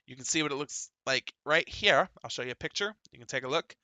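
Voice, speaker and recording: A man's voice: medium pitch, animated, fast talker, few pauses, pushed and bright, no echo. A man hosting a casual gaming podcast, chatting and laughing as he reads out news items. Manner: chatty, laughs often, many fillers. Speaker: podcast host.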